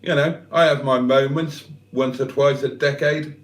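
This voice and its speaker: A man's voice: medium pitch, fairly even intonation, normal speed, roomy sound. An older man hosting a livestream, reading out viewers' comments with jokey, self-deprecating banter. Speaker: livestream host. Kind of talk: casual live chat, reading out comments.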